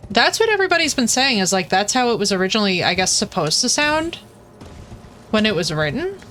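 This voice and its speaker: A young woman streaming live, chatting casually with her audience in an excitable, playful way. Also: medium pitch, a little fast, a little hiss or hum.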